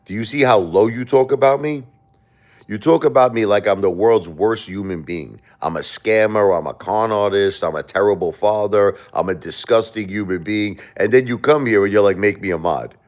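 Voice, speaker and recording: A low-voiced man hosting a livestream and talking straight to his chat. He sounds defensive and argumentative, and he circles back over the same points again and again. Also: normal speed, a little mellow. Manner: defensive, argumentative, repeats himself. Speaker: livestream host.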